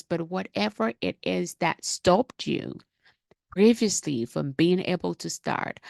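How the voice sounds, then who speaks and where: Middle-aged woman, podcast host, low and gravelly, motivational and repetitive delivery. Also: dry recording, clean studio sound. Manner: emphatic, repetitive, rallying.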